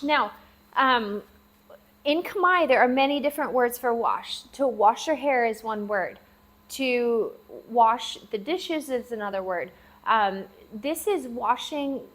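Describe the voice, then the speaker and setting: A woman teaching a language lesson, patiently repeating words slowly and spelling them out. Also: fairly high pitch. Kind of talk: classroom-style language lesson. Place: lives abroad in Southeast Asia.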